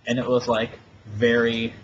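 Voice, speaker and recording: A man of mid pitch rambles through a story with crude, sarcastic asides. The audio is dull and lo-fi with a faint hiss under it. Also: monotone, measured pace. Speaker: podcast co-host. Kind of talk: casual ranting storytelling.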